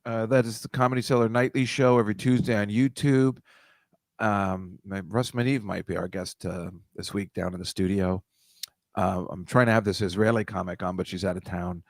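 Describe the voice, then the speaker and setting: A man's voice: fairly low pitch, steady tone, moderate pace, dry recording, clean studio sound. A man co-hosting a live podcast stream, chatting in a rambling, easygoing way. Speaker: podcast co-host. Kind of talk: casual live-stream chat.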